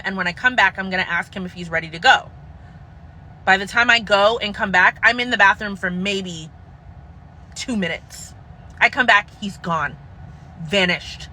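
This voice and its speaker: A woman's voice: mid-range voice, sharp tone, low-quality recording. A woman bluntly recounting a bad date in a casual, exasperated way. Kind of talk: casual story time.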